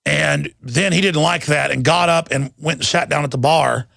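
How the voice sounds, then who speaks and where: A man's voice: fairly high pitch, normal speed, creaky, fairly bright tone, no room sound, studio quality. A middle-aged man hosting a talk radio show, ranting in an angry, combative and scornful monologue.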